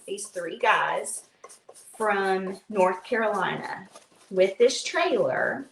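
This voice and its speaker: A woman hosting a live craft stream from home, chatting and telling a rambling story with lots of fillers. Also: mid-range voice. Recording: echoey room with faint noise.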